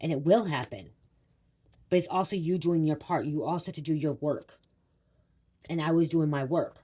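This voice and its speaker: A woman's voice: sits low, moderate pace, warm tone, breathy edge. A young woman tarot reader rambling through a personal story for her viewers, repeating herself and saying "like" a lot.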